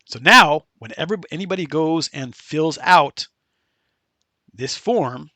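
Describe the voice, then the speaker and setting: A man hosting a casual screen-share software tutorial, chatty and loose, with many fillers and restarts. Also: on the high side, lively intonation, slow pace, no echo. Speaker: tutorial host.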